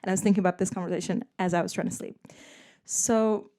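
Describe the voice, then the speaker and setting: A woman's voice: on the low side, steady tone, fast talker, mellow. Woman, 20s, solo podcast host, casual rambling chat, frequent laughter. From Netherlands. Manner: chatty, rambling, full of "like" and laughs.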